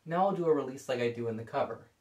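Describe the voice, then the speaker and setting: A man calmly explaining violin bowing technique in a scripted video lesson. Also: mid-range voice, very fast. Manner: calm, explanatory. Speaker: violin teacher. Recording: echoey room.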